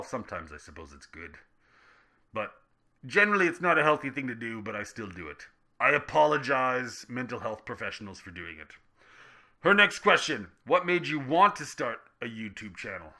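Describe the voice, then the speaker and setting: Bright-voiced rambling gaming vlogger man. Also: mid-range voice. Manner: rambling, joking, self-deprecating asides. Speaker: gaming YouTuber answering viewer questions. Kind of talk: casual Q&A vlog.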